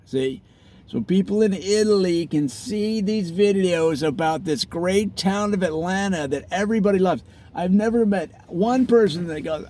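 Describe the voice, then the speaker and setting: Rambling self-satisfied man, mellow voice. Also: high voice, moderate pace. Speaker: parody real estate vlogger. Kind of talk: deadpan comic monologue.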